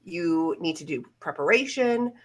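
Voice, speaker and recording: A woman's voice: on the low side, animated, unhurried. A woman career coach co-hosting a live-stream Q&A, giving reassuring, practical interview advice. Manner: reassuring, advisory.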